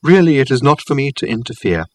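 A man voicing a gentle, wistful elderly professor who speaks softly in a quaint, formal way. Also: mid-range voice, sing-song, fast, dry recording, pitched above the performer's own voice. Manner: soft, quaint formal phrasing.

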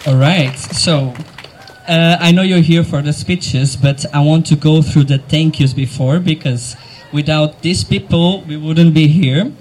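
Guy mc-ing an outdoor walk on a mic, kinda high voice, choked up and halting, faint outdoor noise behind. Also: fairly even intonation, a little mellow, low-quality recording. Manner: emotional, halting, laughing between words. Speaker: event MC. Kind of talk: live outdoor event hosting. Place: outdoor event crowd gathering.

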